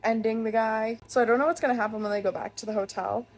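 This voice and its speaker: A woman's voice: a little high, quick pace. Gushing young woman recapping a book. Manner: gushing, excitable, heavy use of "like". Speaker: book vlogger. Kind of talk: casual reading vlog recap.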